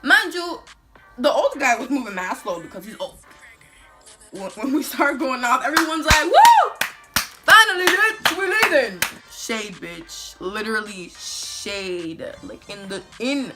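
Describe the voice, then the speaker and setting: A woman telling a storytime vlog in an animated, profane, slangy way. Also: a little high, unhurried, over loud music. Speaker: vlogger.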